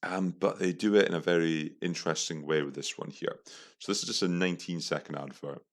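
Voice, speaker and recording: A man's voice: deep voice, steady tone, brisk. A young man hosting a podcast, reacting to adverts in a profane, incredulous, mocking way. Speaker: podcast host. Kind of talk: casual commentary.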